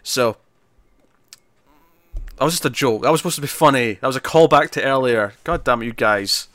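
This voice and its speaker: Host, man, bright forceful tone, dry sound, casual rambling chat. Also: mid-range voice, moderate pace, no room sound. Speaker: podcast host.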